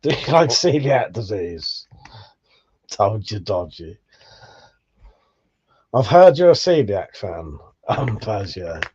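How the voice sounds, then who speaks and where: Brief: man, livestream host, joking and cursing through chat, warm tone, muffled lo-fi sound. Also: fairly low pitch, very animated, slow pace, pauses often, slightly rough. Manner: swearing, joking banter. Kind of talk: casual live chat reading viewer messages.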